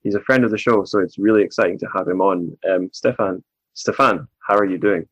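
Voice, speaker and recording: A man's voice: low voice, a little fast, fairly bright tone, breathy edge, dry recording. A man hosting a podcast, interviewing a guest in a friendly, joking way. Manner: friendly, joking, stumbles over names. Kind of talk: casual interview chat. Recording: dry, dull lo-fi remote recording.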